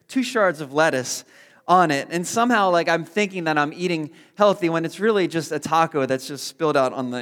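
A man's voice: sits high, fairly bright tone. A man in his thirties preaching a casual sermon as pastor, rambling with self-deprecating humor and lots of fillers. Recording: long hall reverb.

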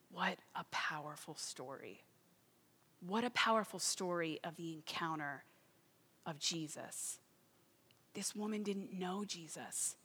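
A woman preaches in an earnest voice that builds to fervent emphasis, her tone bright and forceful though fairly low. Her voice carries a long reverb, as in a large hall. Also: takes it slowly, long pauses, breathy edge. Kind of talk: sermon with a read-aloud testimony.

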